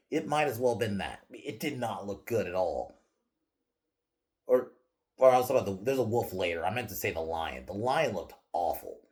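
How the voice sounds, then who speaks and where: A man hosting a podcast, giving a casual film review that is animated and full of swearing, laughter, restarts and fillers. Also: fairly low pitch. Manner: animated, profane, laughing often, many restarts and "like"s.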